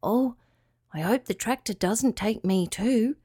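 A woman voicing a friendly young male hay bale in a storybook reading, gentle and earnest with a wistful touch. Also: on the high side, takes it slowly, slightly rough, no room sound, clean studio sound. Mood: worried.

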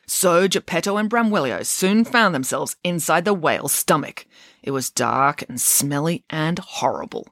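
A woman reading a children's storybook aloud, with expressive, animated narration. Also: deep voice, normal speed, dry recording, clean studio sound.

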